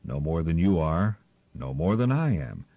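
A man's voice: sits low, sing-song, measured pace, dry recording, voice pushed down, exaggerated voice. A man voicing a wise male gull teacher who speaks in a firm, earnest, encouraging way, on a slightly muffled recording.

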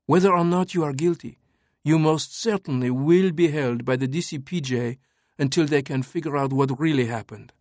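A man's voice: a little high, normal speed, dry recording, clean studio sound, pitched above the performer's own voice, close to an everyday voice. A man voicing an urgent young French woman cryptographer in an audiobook, speaking earnestly and pressing her point. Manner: earnest, pressing, explaining calmly. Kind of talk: audiobook narration.

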